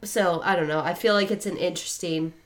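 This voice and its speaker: A woman's voice: lowish voice, a little fast. A woman co-hosting a podcast, talking through a book in a rambling, self-correcting way. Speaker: podcast co-host. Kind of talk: casual book discussion.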